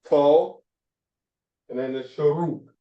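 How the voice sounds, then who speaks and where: Very slow man teaching Hebrew phonics. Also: medium pitch, animated. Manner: drawn-out, halting delivery with frequent fillers. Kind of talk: slow phonics lesson, reading sounds aloud. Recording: echoey, dull room sound from a distance.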